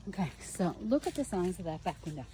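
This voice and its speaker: A woman with a lowish, warm voice talks quickly and with lots of animation as she sets up a solo campsite, chatting and rambling to the camera while she works. It's a casual camping vlog at an outdoor campground, with campsite noise, outdoor ambience, and passing trains and planes in the background.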